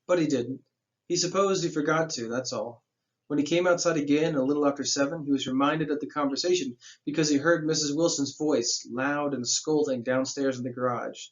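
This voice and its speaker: Male teacher reading a novel aloud, slightly high voice, casual slangy asides, dull lo-fi recording. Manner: stops reading to explain the plot in plain slang.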